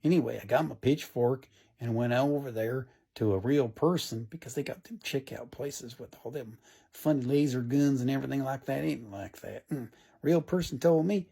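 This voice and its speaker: A man telling deadpan jokes in a folksy country persona, spinning rambling rural stories. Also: medium pitch, normal speed, creaky, breathy edge, no echo. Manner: folksy, drawling storyteller with rural slang.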